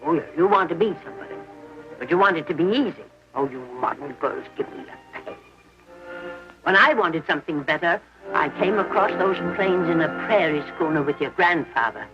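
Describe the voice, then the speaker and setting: A woman's voice: deep voice, animated, a little fast. An actress playing a determined elderly pioneer grandmother who lectures her granddaughter firmly, in a 1930s film. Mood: stern. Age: older. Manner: firm, lecturing and forceful. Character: stern old pioneer grandmother, fiercely determined. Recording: muffled 1930s film soundtrack with music.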